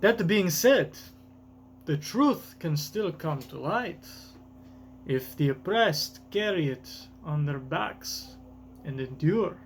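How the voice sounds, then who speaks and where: A man voicing a grieving old male genius scientist, reading slowly with a put-on accent. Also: a little high, lively intonation, a little hiss or hum. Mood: solemn.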